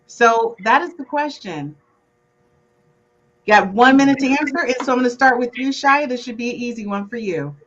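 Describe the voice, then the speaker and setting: A woman hosting a casual podcast game, briskly moving her guests along. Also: on the high side, a bit bright, lo-fi sound. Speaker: podcast host. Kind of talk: casual chat, game host.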